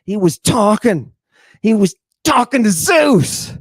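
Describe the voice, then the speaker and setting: Dramatic man lecturing slowly, dry close sound. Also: high voice, very animated, husky, dry recording. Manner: dramatic, rhetorical questions, sudden hushed drops. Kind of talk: theatrical lecture on ancient texts.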